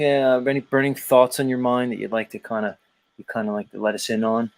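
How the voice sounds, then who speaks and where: A man's voice: medium pitch, little pitch movement, brisk. A man hosting a livestream, chatting casually in a teasing, rambling way with many fillers. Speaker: host.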